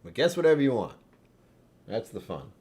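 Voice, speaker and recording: A man's voice: mid-range voice, sing-song, moderate pace, darkish tone. A man hosting a whiskey tasting livestream, chatting casually with viewers in a wry, self-mocking way.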